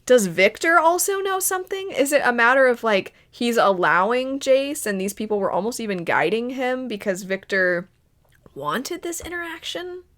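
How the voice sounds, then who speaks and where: A woman's voice: a little high, very animated, fairly bright tone. Woman host musing through a chatty review. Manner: thinking aloud, chatty, with quick laughs. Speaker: channel host reviewing a series. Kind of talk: casual review commentary.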